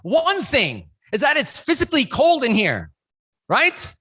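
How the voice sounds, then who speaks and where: A keynote speaker at a conference who leads the audience through call-and-response and counts, breaking into loud shouts to rouse them. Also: high voice, huge pitch swings, a little slow, breathy edge. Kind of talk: motivational speech with audience participation. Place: conference room with a live audience.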